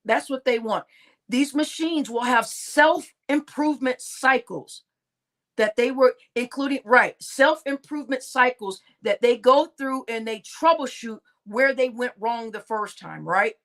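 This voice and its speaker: A woman's voice: on the high side, a little slow, a bit bright. A woman hosting a casual livestream monologue, emphatic, often repeating words and asking "right?". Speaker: host of a conspiracy talk stream.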